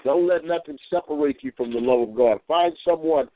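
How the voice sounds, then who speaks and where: A man's voice: fairly high pitch, brisk. A man who ministers, telling folksy stories and preaching in a rambling way, repeating phrases and acting out voices. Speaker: minister calling in. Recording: tinny dry phone line.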